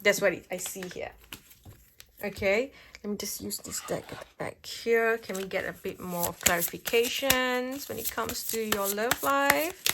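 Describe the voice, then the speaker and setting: A woman's voice: fairly high pitch, steady tone, unhurried, background noise. A woman giving a pick-a-card tarot reading at home, chatty and reassuring, often checking in with "okay?". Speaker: tarot reader. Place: home, at a table with cards.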